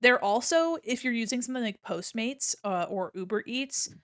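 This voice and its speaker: A woman's voice: a little high, moderate pace, dry recording, clean studio sound. A woman streamer chatting casually with her viewers, telling stories with lots of swearing and acted-out quotes. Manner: profane, animated storyteller acting out quotes.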